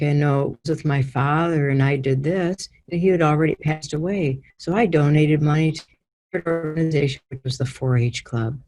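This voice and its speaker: Woman facilitator on a video call; mellow, soothing guided-healing delivery. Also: low voice. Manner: slow, soothing, instructive. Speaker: guided healing session leader.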